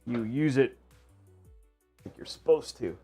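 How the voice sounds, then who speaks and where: A male streamer chats casually and playfully with his audience, often mocking himself. His pitch bounces around a lot, and faint music plays underneath. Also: animated, unhurried, warm tone. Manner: rambling, playful, self-mocking. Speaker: livestream host. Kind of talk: casual livestream chat.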